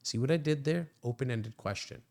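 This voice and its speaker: Male sales coach, emphatic and energetic, casual slang, mid-range voice. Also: medium pitch, brisk, vocal fry. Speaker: real estate coach. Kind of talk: coaching talk, role-playing sales calls.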